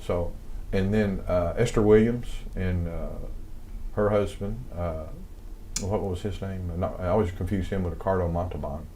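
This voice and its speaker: A man's voice: low-pitched, fairly even intonation, moderate pace, mellow, slight background noise. An older man with a light Southern American accent, telling stories in a casual interview, rambling with lots of fillers and restarts. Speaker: guest, songwriter and composer.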